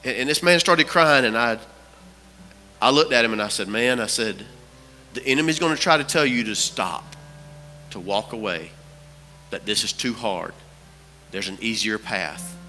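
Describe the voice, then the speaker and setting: A man's voice: medium pitch, normal speed, long pauses, pushed and bright, big-room sound, slight background noise. A man preaching a sermon as pastor, telling a story with repeated phrases for emphasis. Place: church sanctuary.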